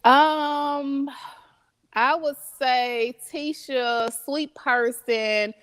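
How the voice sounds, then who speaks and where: A woman as an interview guest, chatting casually, laughing often and answering slowly with fillers. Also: sits high, steady tone, a bit bright, clean tone. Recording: long reverb.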